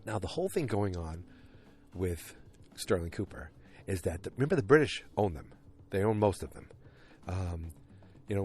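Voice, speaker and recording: A man hosting a podcast, casually recapping an episode in a rambling, self-deprecating way with many fillers. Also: on the low side. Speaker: podcast host.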